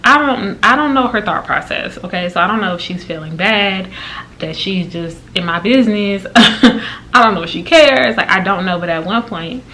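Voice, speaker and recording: A woman vlogger telling a story in a casual, exasperated way, with her pitch jumping high when she quotes people. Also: normal speed, a little hiss or hum. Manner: animated and exasperated, with big pitch jumps when quoting.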